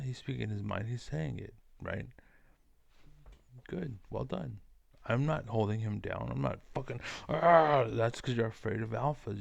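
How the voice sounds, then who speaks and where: A man's voice: fairly low pitch, gravelly, darkish tone, dry recording. A man giving a rambling, profane, combative monologue to camera as a vlogger.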